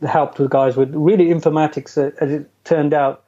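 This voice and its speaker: A man's voice: fairly high pitch, little pitch movement, fairly quick, mellow. A middle-aged man telling his career story as an interview guest, chatty and self-deprecating, laughing often. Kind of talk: casual storytelling. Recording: dull lo-fi audio.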